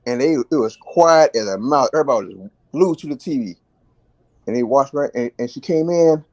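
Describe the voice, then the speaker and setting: A man's voice: mid-range voice, lively intonation, a little mellow, dry recording. Guy rambling through a story on a live chat, lots of restarts, dry close sound. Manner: rambling, halting, many restarts. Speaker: regular chat participant.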